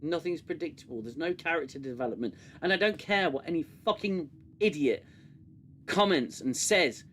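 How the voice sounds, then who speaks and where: A man's voice: a little high, animated, moderate pace. Ranting sarcastic British man. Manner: sarcastic, ranting, swears freely. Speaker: show host. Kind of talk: live review stream chat.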